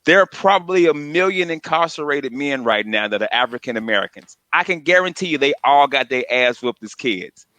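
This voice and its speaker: A middle-aged man co-hosting a radio comedy show, chatting casually and telling animated stories, sometimes mimicking his mother in a high voice. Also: brisk, few pauses, dry recording. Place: radio studio.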